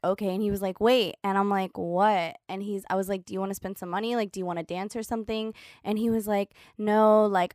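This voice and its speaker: A woman co-hosting a casual podcast, telling stories with swearing and lively energy. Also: medium pitch, dry recording, studio quality. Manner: animated, profane anecdote telling. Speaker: podcast co-host. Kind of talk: casual chat.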